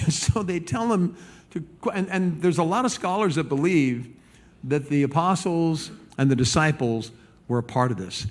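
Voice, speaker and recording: A man preaching a sermon as pastor, animated and conversational, stumbling over repeated words and acting out the people he quotes. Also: fairly high pitch, normal speed.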